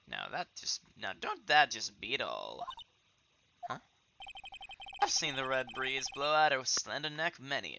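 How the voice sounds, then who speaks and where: A man voicing a laid-back, folksy cowboy lawman who drawls and drops in Spanish words. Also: medium pitch. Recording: game music playing behind.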